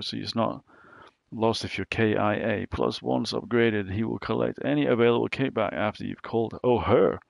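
A man giving casual let's play commentary, thinking out loud about the game as he plays. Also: mid-range voice, creaky, dry recording. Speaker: gaming channel host.

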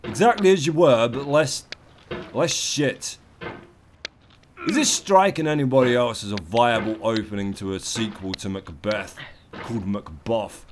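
A man doing comedic let's play commentary, profane and theatrical, yelling at the game and its maker. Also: mid-range voice, unhurried, a little hiss or hum.

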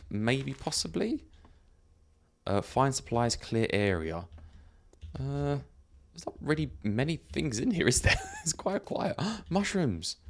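A gravelly, mid-range male voice belongs to a gaming YouTuber giving let's play commentary. Laughing frequently, he talks casually and thinks aloud while playing a zombie survival game.

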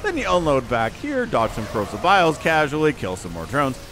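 Lively, high-voiced male game caster. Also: fairly quick, music in the background. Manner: animated and incredulous, laughing often; sarcastic. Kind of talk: video game commentary.

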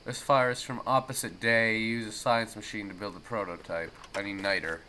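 A man from the United States rambling goofily through let's play commentary, his voice going hoarse. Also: lowish voice, steady tone, moderate pace, bright, forceful tone, a little hiss or hum. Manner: rambling, goofy, talks to the game. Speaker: gameplay commentator.

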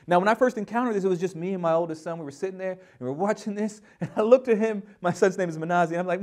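Brief: male pastor teaching, high voice, emphatic, energetic, repeats words at the start of phrases. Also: very fast, hardly any pauses. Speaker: pastor teaching a Bible lesson. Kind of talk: sermon.

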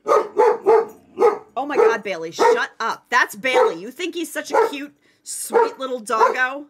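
A woman streaming a game live, commenting excitedly to her chat and teammates. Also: sits high, measured pace, heavy background noise.

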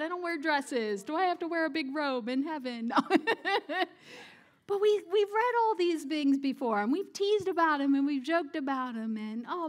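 A woman with a high-pitched voice delivers a sermon. She speaks informally, turns questions back to her listeners, and laughs easily at her own jokes. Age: adult parent. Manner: conversational, asks the audience questions. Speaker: preacher.

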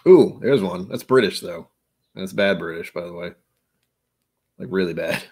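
A man's voice: low-pitched, normal speed, pauses often, darkish tone. A man hosting a casual chat, rambling and self-mocking, who now and then slips into joke accents. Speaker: host.

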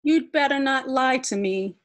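A woman voicing a cheerful, proud young male sun in a storybook, calling out loudly and eagerly. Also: high-pitched, unhurried, voice pushed up. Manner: loud and eager, bright calls.

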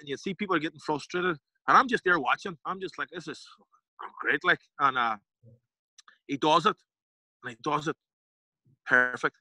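A man with a Derry Northern Irish accent, a podcast guest telling stories in a casual, animated way, acting out other people's lines and swearing freely. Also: fairly high pitch, no echo, low-quality recording. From Northern Ireland. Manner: animated, acts out quoted voices, swears casually. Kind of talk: casual storytelling interview.

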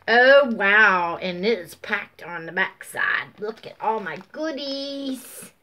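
A woman chatting casually as she shows off craft mail, gushing and drawn-out, sleepy and yawning. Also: medium pitch, lively intonation, pushed and bright, slight background noise. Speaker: craft vlogger. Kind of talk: casual show-and-tell chat.

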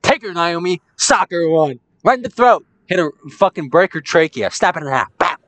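A young woman doing let's play commentary, brash, excitable and swearing often. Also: lowish voice, moderate pace, no room sound. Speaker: gaming commentator.

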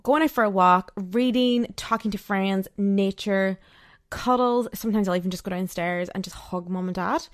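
A woman's voice: medium pitch, normal speed, dry recording, studio quality. Chatty young woman podcasting. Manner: chatty, frequent "like" fillers, acts out quoted dialogue. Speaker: podcast host. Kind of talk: casual solo podcast monologue.

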